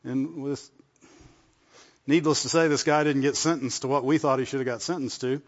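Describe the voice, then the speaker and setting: A pastor preaches a conversational sermon at a church service, frequently inviting the congregation to respond. His voice is medium-pitched and steady at normal speed, and the recording is muffled with long hall reverb.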